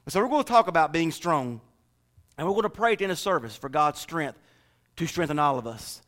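Folksy pastor, bright tense voice. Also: male voice, fairly high pitch, expressive, brisk. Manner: folksy, joking, talks straight to the congregation. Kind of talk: sermon.

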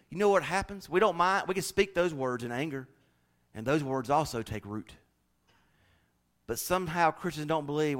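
A man preaching a sermon to his church, swinging from hushed, intimate lines up to loud, rousing declarations. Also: mid-range voice, moderate pace. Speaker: pastor.

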